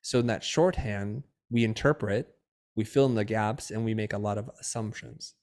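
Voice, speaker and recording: A middle-aged man, a podcast guest, telling a personal story in a lively way and acting out the dialogue. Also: on the low side, normal speed. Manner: lively storyteller who acts out quoted dialogue. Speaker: podcast guest, designer and educator.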